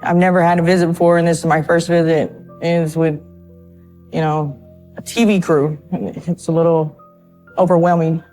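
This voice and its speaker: A nervous woman speaks in a slightly low voice during a documentary interview. Her speech is halting and hesitant, and she often stops to repeat words. Faint music plays underneath. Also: flat delivery, dark tone. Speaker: interviewee in a true crime documentary. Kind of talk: emotional interview testimony.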